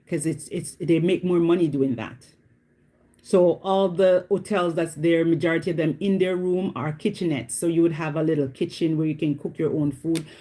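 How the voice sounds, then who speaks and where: Mellow-voiced woman chatting casually. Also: fairly low pitch. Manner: chatty, repeats herself, often asks "you know what I mean". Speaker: vlogger. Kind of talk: casual chat to camera.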